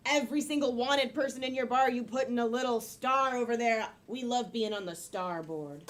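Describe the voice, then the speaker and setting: A woman performing improvised bar jokes on stage, delivering punchlines deadpan. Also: a little high, normal speed, heavy background noise. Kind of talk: improvised joke-telling. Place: comedy theater stage.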